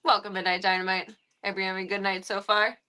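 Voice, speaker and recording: A woman's voice: mid-range voice, flat delivery, fast talker, pushed and bright, smooth. A woman live-streaming, talking casually to her viewers and cooing baby-talk at a foster cat. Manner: coos and baby-talks to the cat between chatty asides.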